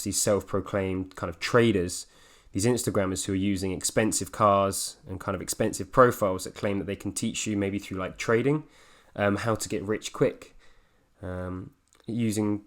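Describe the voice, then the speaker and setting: A man hosting a podcast speaks in a lowish voice. He keeps his points measured and fills pauses with hedging words. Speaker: podcast host. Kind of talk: casual podcast chat.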